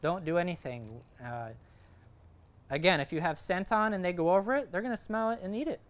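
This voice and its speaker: A man's voice: sits high, fairly quick. A man giving a casual, rambling talk to a group on sight fishing from a kayak, full of fillers and restarts.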